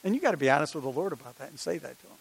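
A man's voice: a little high, big pitch swings, rapid-fire, gravelly, slightly rough, rough recording. An older man, preaching a sermon in a conversational style with many rhetorical questions and personal stories.

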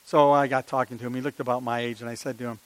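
A man's voice: mid-range voice, little pitch movement, very fast, no room sound, rough recording. An older man, preaching a sermon in a conversational style with many rhetorical questions and personal stories.

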